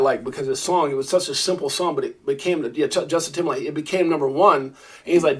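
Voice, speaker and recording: A middle-aged man hosting a crypto live stream, talking in a rambling, animated way and answering viewers in the chat by name. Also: a little high, fast talker. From Brownsville, Brooklyn, New York. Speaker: crypto livestream host.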